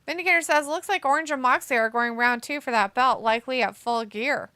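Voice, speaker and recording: A woman co-hosts a laid-back watch-along, teasing her partner and reading viewer comments aloud. Her voice sits high and bright. The sound is dry and close. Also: brisk, clear, resonant tone, no room sound. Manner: giggly, teasing.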